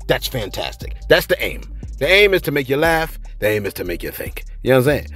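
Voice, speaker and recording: A fast-talking man hosts a celebrity news channel, giving casual commentary and reading viewer shout-outs. He's animated, exclaiming and laughing, swinging from low mumbles to high exclamations, and leans on repeated fillers like "you know what I mean" and "man."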